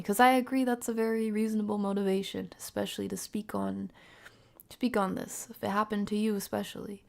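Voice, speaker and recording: A woman streaming a live reaction, often dropping into soft whispered asides and laughing between remarks. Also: mid-range voice, vocal fry.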